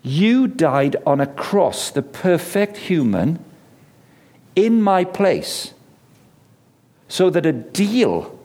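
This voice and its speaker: A man's voice: fairly high pitch, big pitch swings, extremely slow, long pauses, a little mellow. A middle-aged man preaching a sermon, telling stories, acting out the voices he quotes and driving points home with repetition. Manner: storytelling, acts out quoted voices, emphatic repetition.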